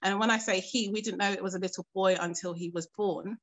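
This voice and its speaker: A woman giving personal testimony for a documentary interview, with a voice in the middle of the usual range for a woman. She speaks earnestly and haltingly, with many pauses and fillers. She keeps her composure as she recounts something painful. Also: mid-range voice, steady tone, a bit bright.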